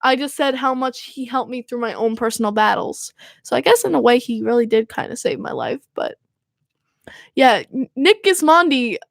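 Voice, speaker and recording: A young woman hosting a podcast, talking in an excitable, gushing, filler-heavy way. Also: fairly high pitch, normal speed, gravelly, dry recording, studio quality. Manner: gushing, excitable fan talk with many fillers. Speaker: podcast host. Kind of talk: casual chat.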